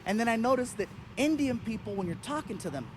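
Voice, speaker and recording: A man with a very high voice performs a stand-up set on a theater stage, animated and playful as he tells his stories. He speaks into a handheld mic, with a faint hum underneath. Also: quick pace. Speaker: stand-up comedian. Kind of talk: stand-up comedy routine. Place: theater stage before an audience.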